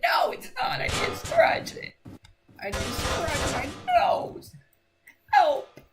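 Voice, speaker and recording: A man's voice: very high voice, huge pitch swings, slow pace, music in the background, pitched above the performer's own voice, heavily acted. A man voicing a desperate male animatronic creature with a nose that always itches, shrieking and pleading for a scratch.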